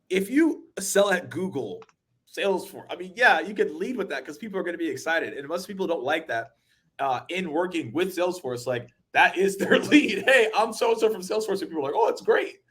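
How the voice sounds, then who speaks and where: A man hosting a webinar over a video call, upbeat and quick to laugh, giving shout-outs to viewers. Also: high voice, lively intonation, husky. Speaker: webinar host. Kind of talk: casual panel chat.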